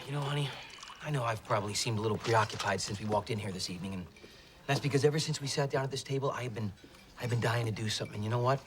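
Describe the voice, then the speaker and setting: A man's voice: mid-range voice, rapid-fire, noisy background, natural voice. A man acting a bumbling, evasive boyfriend in a sitcom.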